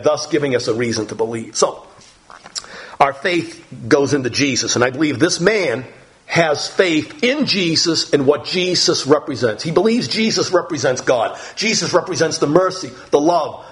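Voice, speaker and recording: A man preaching an earnest evening sermon, repeating phrases and jumping up in pitch when he voices a doubting believer. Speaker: pastor.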